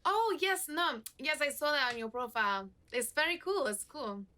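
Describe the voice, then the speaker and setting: A woman's voice: sits high, lively intonation, normal speed, bright, forceful tone. An actress with a Spanish accent playing a playful young woman on a video date in a game. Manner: teasing, playful. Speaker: dating match. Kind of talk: game voice acting. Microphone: video call.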